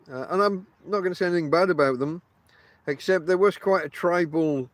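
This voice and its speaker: A man's voice: a little high, no room sound. A middle-aged man with a mixed Yorkshire and Lancashire accent, hosting a casual podcast and rambling through his stories with many ums and restarts. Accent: northern English, mixed Yorkshire and Lancashire. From England. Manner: meandering, chatty, many ums and restarts, addresses listeners directly. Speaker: podcast host. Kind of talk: casual rambling monologue to listeners. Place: outdoors on the coast.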